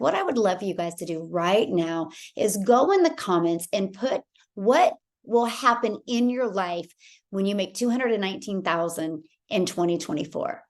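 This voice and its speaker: A woman hosting an online business webinar, bubbly and enthusiastic, often saying "you guys" to her viewers. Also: mid-range voice. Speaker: webinar host. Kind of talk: upbeat sales webinar presentation.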